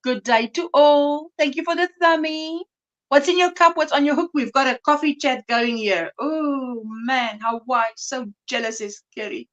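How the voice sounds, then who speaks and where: High-voiced South African woman chatting. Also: unhurried, a bit bright, lo-fi sound. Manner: chatty, laughs often, reads viewer comments aloud. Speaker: livestream host. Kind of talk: casual livestream chat.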